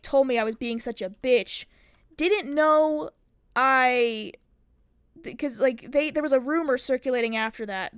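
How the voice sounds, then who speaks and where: A young woman streamer with a fairly high, smooth voice rambles through a long story in casual chat, swearing and acting out what people said. The audio is studio quality with no echo.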